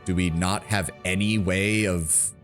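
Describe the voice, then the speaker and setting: A man's voice: low-pitched, steady tone, a little slow, a bit bright, soft background music. A man streaming a game, chatting casually with jokes and swearing. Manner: joking, profane, chatty. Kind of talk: casual gameplay commentary.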